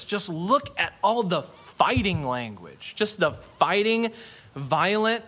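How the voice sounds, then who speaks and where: A middle-aged man preaching a sermon as pastor, earnest and emphatic, slowing to stress key phrases. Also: sits high, sing-song, sharp tone, slightly rough.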